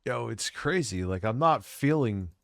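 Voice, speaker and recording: A man's voice: medium pitch, animated, unhurried, creaky, background noise. A man in his forties ranting crudely on a late-night stream, swearing constantly and sounding stressed and worn out. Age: 40s. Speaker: livestreamer reacting to a video.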